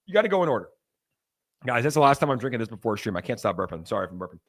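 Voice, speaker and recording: A young man hosting a crypto livestream, talking to viewers in a loose, animated, ranting way. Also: medium pitch, rapid-fire. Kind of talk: casual livestream talk.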